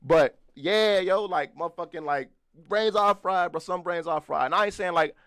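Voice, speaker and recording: A man in his twenties co-hosts a podcast, chatting loosely and profanely, laughing often and addressing the live chat. His voice sits high and a bit bright at a normal speed. The studio recording is clean, with no echo.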